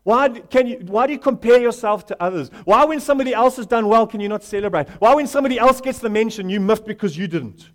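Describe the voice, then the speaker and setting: A man with a high voice delivers a sermon. He builds to loud, emphatic runs of questions and answers, and slips into the voices of the characters in the story he is telling. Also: lively intonation, quick pace, hardly any pauses. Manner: rising to loud emphatic call-and-response; acts out Bible characters in quoted voices. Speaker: pastor.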